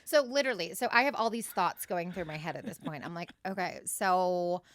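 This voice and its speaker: A woman co-hosting a podcast, telling stories in casual chat with a blunt, profane, animated manner. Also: on the low side, fast, no room sound, studio quality. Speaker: podcast co-host.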